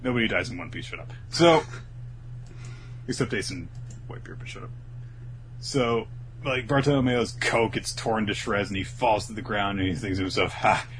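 A man's voice: lowish voice, normal speed, pauses often, background noise. A man on a casual podcast, retelling anime episodes and acting out the characters' lines with lots of energy. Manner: animated storytelling, acts out the characters' lines in raised voices. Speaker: podcast co-host recapping an anime. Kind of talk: casual chat.

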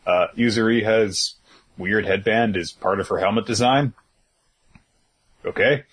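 A man with a very low, husky voice recaps comic chapters for a podcast. He keeps it laid-back and loose, with plenty of filler words and an easy chuckle. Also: a little slow, fairly bright tone. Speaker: podcast co-host. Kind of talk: casual manga chapter discussion.

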